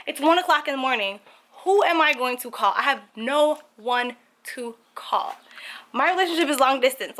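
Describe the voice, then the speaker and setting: Animated young woman telling a story. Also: sits high, normal speed, slight background noise. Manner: animated, full of "like" fillers. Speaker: vlogger. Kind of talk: casual storytelling to camera. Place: apartment, indoors.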